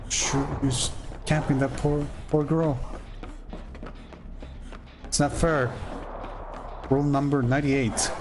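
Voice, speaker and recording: Male gameplay streamer, unhurried delivery with excited outbursts, audible background noise. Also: medium pitch. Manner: excitable, shouts warnings at teammates, swears. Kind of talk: live gameplay commentary.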